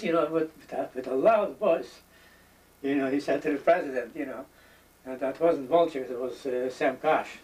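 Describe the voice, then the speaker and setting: A man's voice: medium pitch, moderate pace, darkish tone, recorded from a distance. An older man being interviewed alongside his brother, chiming in casually with his own side anecdotes. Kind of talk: casual chat. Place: retirement village home.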